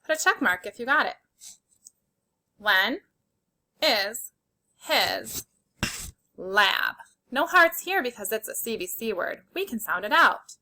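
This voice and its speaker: A woman's voice: a little high, big pitch swings, a little slow, pushed and bright. A woman teaching a spelling lesson to young children, patiently sounding out letters and praising their work. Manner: encouraging and praising.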